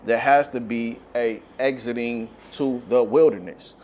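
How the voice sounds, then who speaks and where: A man's voice: medium pitch, fairly even intonation, unhurried, a little mellow, slight background noise. A man giving an impassioned religious monologue, talking urgently and repeating himself as he grows frustrated. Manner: frustrated, urgent preaching with repetitions. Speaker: religious speaker.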